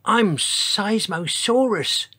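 A man voicing a huge, gentle male dinosaur who speaks in a tiny, timid whisper, reading a storybook aloud. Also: sits high, expressive, drawn-out words, slightly rough, no room sound, clean studio sound, pitched above the performer's own voice, heavily acted. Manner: timid, soft, pleading. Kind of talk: storybook voice acting.

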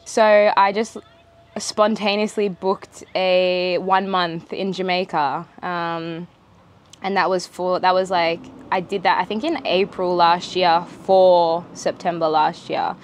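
A woman's voice: lowish voice, little pitch movement, takes it slowly, a little hiss or hum. Chatty young Australian woman vlogging. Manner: chatty, rambling, many fillers and restarts; talks with her mouth full. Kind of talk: casual storytelling while eating. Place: outdoor eatery.

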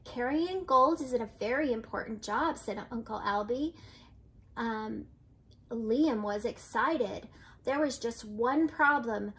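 An older woman, a grandmother, reading a children's picture book aloud in a gentle storytelling way, with light voices for the characters. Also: fairly high pitch.

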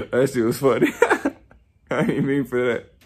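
Looking into the camera, a young man delivers a casual motivational vlog monologue as a YouTuber, wandering, cursing and reflecting on himself while often laughing at his own expense. His voice is medium-pitched and slightly rough.

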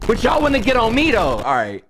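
A young man who streams, roasting cartoon clips in a slangy, animated style and calling his chat "bro.". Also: extremely high pitch, a little fast, over music. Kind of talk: casual comedic commentary.

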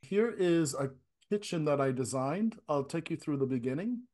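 A man from Ireland hosting a casual design talk over a video call, friendly and quick to laugh. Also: on the high side, expressive, dark tone. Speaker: host. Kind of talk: casual chat.

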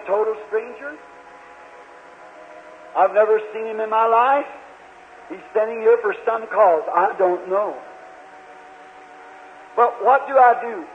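A man preaching a sermon in a large church, telling a Bible story earnestly with halting restarts and quoted voices. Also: very high voice, a little hiss or hum. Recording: old lo-fi tape, hall reverb, tinny.

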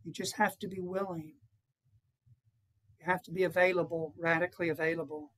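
A man's voice: on the high side, little pitch movement, a little fast, fairly bright tone, rough recording. A man who is a priest, giving an earnest retreat conference to fellow priests and often putting rhetorical questions to them.

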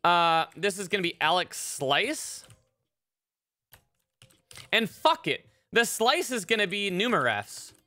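A woman's voice: medium pitch, big pitch swings, slow, pauses often, bright, forceful tone, dry recording. A woman live-coding on a stream, chatting casually and swearing freely as she thinks aloud. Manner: profane, thinks aloud with fillers. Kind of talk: casual live-stream chat while programming.

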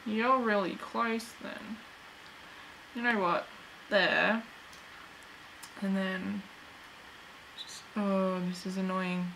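A woman's voice: mid-range voice, fairly even intonation, drawn-out words, creaky, long pauses, fairly bright tone, a little hiss or hum, low-quality recording. A woman hosting a let's play, giving goofy, chatty commentary as she talks to the game and her viewers. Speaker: gaming channel host.

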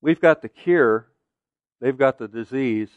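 A man's voice: medium pitch, measured pace, no room sound, phone-quality sound. A middle-aged man preaching a sermon as pastor, earnest and conversational, asking the listeners pointed rhetorical questions.

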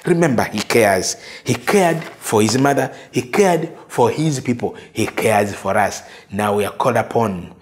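A man's voice: medium pitch, animated. Ugandan male pastor preaching earnestly. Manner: earnest preaching with slow, drawn-out emphasis on quoted words. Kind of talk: sermon.

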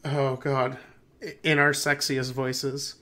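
A man's voice: mid-range voice, level tone, takes it slowly, sharp tone. A young man co-hosting a podcast, his voice nearly gone, laughing often and chatting casually. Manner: laughs often, reads aloud. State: losing his voice. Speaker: podcast co-host. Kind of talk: casual chat.

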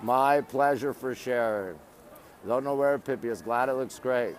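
A man's voice: mid-range voice, unhurried. A Canadian man hosting a live phone stream outdoors, greeting viewers and reading their comments aloud in chatty bits. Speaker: livestream host. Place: outdoors on monument steps in a busy city. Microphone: phone held while streaming.

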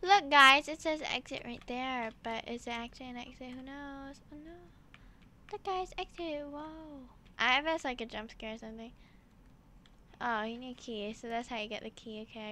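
A woman hosting casual gameplay commentary, excitable and full of exclamations as she talks to her viewers. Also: sits high, a little hiss or hum. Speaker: gaming channel host.

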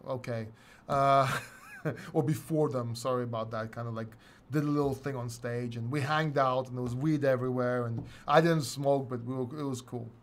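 A man's voice: medium pitch, steady tone, normal speed. A middle-aged man hosting a casual livestream chat, rambling, swearing and laughing often. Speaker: host.

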